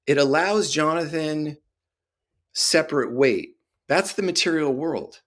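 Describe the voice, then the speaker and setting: A man's voice: on the high side, unhurried, fairly bright tone. A man hosting a podcast, speaking in a thoughtful, personal and reflective way. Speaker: podcast host. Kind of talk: reflective conversational talk.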